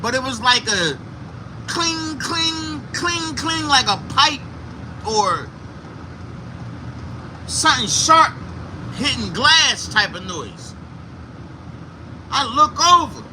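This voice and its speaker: Man, high pitch, animated profane storyteller, inside a moving car, clear engine and road noise. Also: slow pace, pauses often. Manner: animated, profane retelling with sound effects. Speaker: livestream host. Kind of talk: casual storytelling. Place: inside a vehicle while driving.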